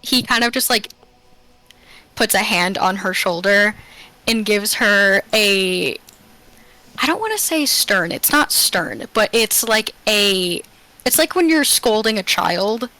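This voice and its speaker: A woman player narrating her character's moves in a tabletop game, chatty and a bit hesitant. Her voice is bright and her pace slow. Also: medium pitch, lively intonation, dry recording, rough recording.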